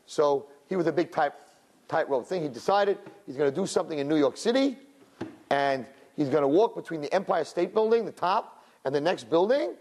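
A man with a slightly high voice teaching a religious lesson as a story. His pitch swings widely, and he keeps checking in with "you know" and "right?" between phrases. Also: fairly quick. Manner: animated, with many "you know" and "right?" asides; acts out crowd voices in high, loud bursts.

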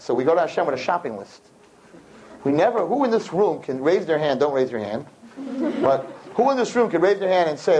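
Animated preaching man. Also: on the high side, brisk, a little hiss or hum, low-quality recording. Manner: animated, preachy, acts out scenes. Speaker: religious speaker. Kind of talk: sermon to a live audience.

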